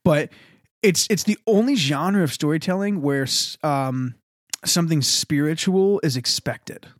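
Animated young pastor, dry close mic. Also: male voice, a little high, no room sound. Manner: animated, rambling, quick to laugh. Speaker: pastor and podcast co-host. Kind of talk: casual podcast chat.

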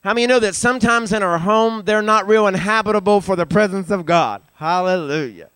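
An older man preaching a sermon in church, growing loud and animated as he builds to emphasis. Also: fairly quick, clean tone, no echo. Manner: animated, rising in pitch and volume for emphasis. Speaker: pastor. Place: church sanctuary.

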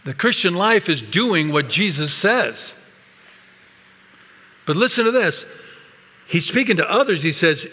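A man's voice: high-pitched, very animated, unhurried, long pauses, pushed and bright. A man preaching a sermon as pastor, with an emphatic, varied delivery. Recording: long hall reverb.

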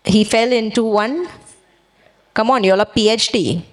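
A woman pastor preaching a sermon, exhorting her church and drawing responses with quick questions. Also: fairly high pitch.

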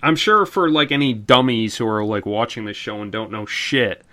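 A man's voice: fairly low pitch, normal speed, pushed and bright. Rambling, profane male podcast host. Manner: rambling, profane, lots of fillers. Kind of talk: synopsis reading and casual chat.

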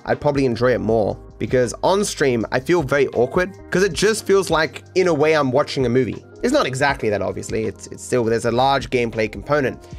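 A man from Australia with a mild accent, chatting loosely with his stream audience while under the weather. His voice sits at an ordinary middle pitch, and he lets sentences wander and drop away low at the ends. Faint music plays under him. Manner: rambling, chatty, trailing off low at phrase ends. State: sick. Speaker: streamer podcast host. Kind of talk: casual streamed commentary.

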